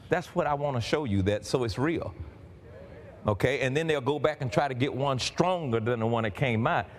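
A man preaching a sermon, fervent and building up to shouts. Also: medium pitch. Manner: fervent, building to shouts, calls and responses with the congregation.

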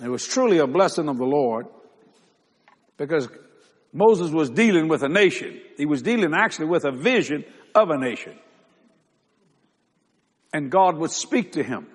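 An older man pastor preaching a sermon, building to loud, emphatic delivery, stretching key words and calling on the congregation to answer. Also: fairly high pitch, lively intonation, normal speed, pauses often, husky. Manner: calls on the congregation for responses. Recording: long reverb of a large hall.

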